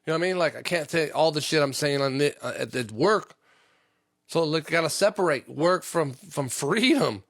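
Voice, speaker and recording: A man's voice: fairly high pitch, expressive, normal speed, dry recording, clean studio sound. Profane, rambling man hosting a podcast. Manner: profane, lots of fillers. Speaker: podcast host and union tradesman. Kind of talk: casual rambling monologue.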